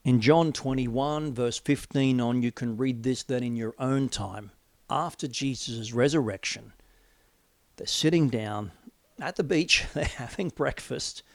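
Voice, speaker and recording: A middle-aged man preaching a sermon, swinging from loud declarations to hushed, near-whispered lines. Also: medium pitch, measured pace, creaky, no echo.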